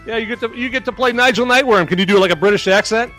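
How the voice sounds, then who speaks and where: A man's voice: high voice, fast talker, soft background music. A man hosting a comedy podcast, joking around and reading out character descriptions. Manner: jokey, animated, rambling. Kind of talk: casual podcast chat and scripted read-out.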